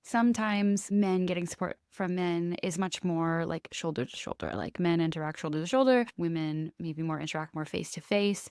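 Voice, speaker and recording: Chatty woman podcast host, low voice. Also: darkish tone, smooth, dry recording, clean studio sound. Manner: chatty, lots of "like". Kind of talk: casual interview chat.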